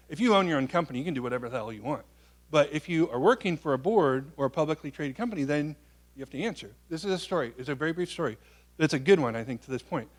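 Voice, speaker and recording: Man, public talk Q&A, animated storyteller, higher pitch. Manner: animated storyteller, quotes people in their voices. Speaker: guest speaker.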